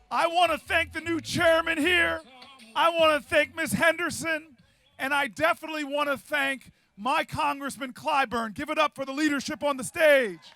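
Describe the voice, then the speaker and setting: A man in his fifties giving a campaign stump speech at a large outdoor rally, preaching and shouting at the peaks. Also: extremely high pitch, steady tone, moderate pace, gravelly, faint music behind. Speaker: political candidate.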